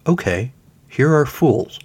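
A man voicing a polite, literal-minded phone voice assistant in a read-aloud play, with a flat, pleasant, accentless delivery. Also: mid-range voice, slow, husky. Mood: bland.

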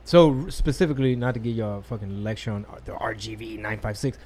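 Relaxed man, casual chat. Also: fairly low pitch, fast talker. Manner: relaxed, swears, mixes in Spanish words.

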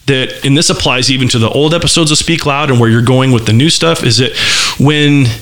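A man talks through a personal experience in an easy, conversational way. His phrasing is loose and candid, full of restarts and fillers. His descriptions are vivid and animated, with a voice of ordinary middle pitch. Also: a little fast. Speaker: podcaster telling a personal story. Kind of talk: casual conversational storytelling.

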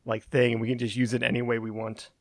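A man's voice: medium pitch, completely flat delivery, quick pace, no echo. Podcast guy rambling through an explanation, ums and likes, dry mic. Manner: rambling, hedging explanations with fillers. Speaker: podcast co-host. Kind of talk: casual conversational chat.

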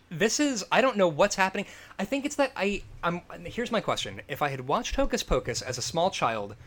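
A man in casual, profane movie chat, telling stories with lots of energy and laughter. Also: high-pitched. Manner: animated, profane, laughing storyteller. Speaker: podcast co-host.

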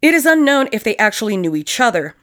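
A woman's voice: on the high side, very animated, quick pace, a bit bright. A woman co-hosting a casual true-crime podcast, swearing freely and joking between the facts. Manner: profane, jokey, slips into mock accents. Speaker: podcast co-host.

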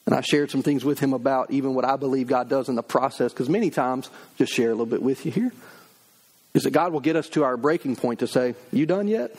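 A man's voice: medium pitch, fairly even intonation, quick pace, darkish tone, husky. A middle-aged man preaching a sermon, emphatic, acting out the voices of people he quotes. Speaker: pastor.

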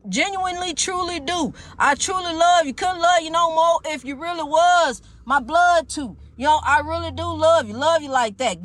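A woman's voice: high voice, fairly bright tone, dry recording. A woman hosting a podcast, delivering a preachy, repetitive monologue and calling the listener honey. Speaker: podcast host.

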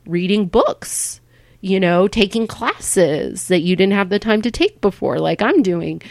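A woman's voice: mid-range voice, measured pace, gravelly, a little mellow, no room sound, studio quality. Frank, rambling woman comedian. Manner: frank and rambling, acts out quoted voices; swears casually. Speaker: stand-up comedian, guest. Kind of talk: candid conversational interview.

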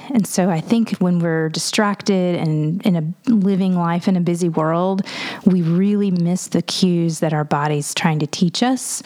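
Female coach and co-host with a somewhat low voice, musing and searching for words in an easy podcast chat. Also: darkish tone. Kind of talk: reflective podcast conversation.

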